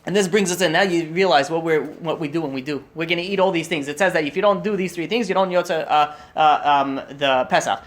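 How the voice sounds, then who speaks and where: A man teaching through stories, talking fast and excitedly, acting out the quoted lines and often restarting his sentences. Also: on the high side. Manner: animated, acts out quotes, many restarts. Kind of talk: storytelling lesson.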